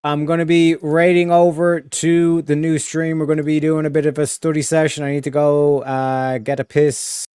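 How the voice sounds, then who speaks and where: A male streamer chats loosely and crudely to his viewers. His voice is smooth and clear and a little high. The sound is dry. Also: level tone, normal speed, hardly any pauses, mellow, no echo. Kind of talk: casual live stream chat.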